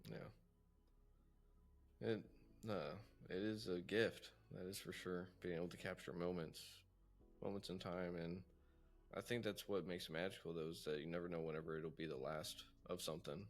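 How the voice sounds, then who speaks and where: A man's voice: low-pitched, fairly even intonation, normal speed. A man hosting a casual interview, an attentive listener who affirms and muses. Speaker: host.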